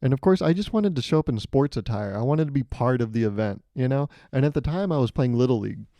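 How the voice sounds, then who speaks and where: Young man, podcast host, sarcastic rambling storyteller, mellow tone, dry sound. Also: medium pitch, animated, fast talker, no room sound. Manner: rambling and sarcastic, acts out loud voices. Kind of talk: solo comedic storytelling.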